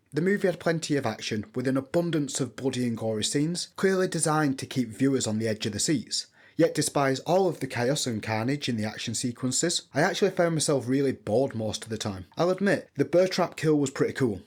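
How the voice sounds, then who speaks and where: A man delivers a scripted film review at a steady, middle pitch. He is blunt and opinionated. He swears freely when he dislikes something. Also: brisk.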